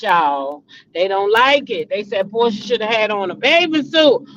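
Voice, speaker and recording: A woman's voice: mid-range voice, animated, normal speed, a bit bright. A middle-aged woman hosting a casual gossip chat. She talks animatedly, repeats names and breaks into dramatic exclamations. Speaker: host. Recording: dull lo-fi recording.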